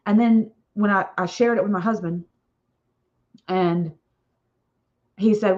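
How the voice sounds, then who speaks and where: A woman's voice: medium pitch, fairly even intonation, takes it slowly, pauses often, darkish tone, muffled recording. A woman author hosting a casual live stream, chatting in a rambling way with frequent "okay?" tags and little laughs.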